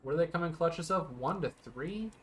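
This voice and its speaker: A man's voice: on the high side, expressive, moderate pace, noisy background. Joking, rambling male let's play host. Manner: joking, rambling and self-mocking. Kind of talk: casual gameplay commentary.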